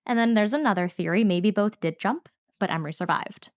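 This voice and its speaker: A woman's voice: medium pitch, no echo. A woman co-hosting a podcast, telling a true-crime case in chatty, casual storytelling. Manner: fast, chatty storytelling from notes. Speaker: podcast co-host.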